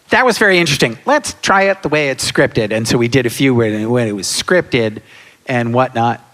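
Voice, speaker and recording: A man in his sixties, a guest on a live convention panel, telling lively anecdotes and acting out quotes and sound effects. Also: mid-range voice. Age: 60s. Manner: animated storyteller, acts out quotes and sound effects. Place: large hall with live audience. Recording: reverberant hall.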